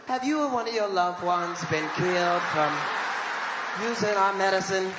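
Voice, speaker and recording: A man imitating a quiet, mock-serious drug commercial announcer. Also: high voice, moderate pace, reverberant, heavy background noise, close to an everyday voice. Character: hushed drug-ad announcer, male.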